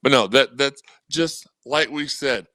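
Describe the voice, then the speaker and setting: A man on a podcast as a guest, talking sports in a rambling, animated way. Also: medium pitch, unhurried, no echo. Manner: animated, rambling, quotes people in voices. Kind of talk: casual sports talk.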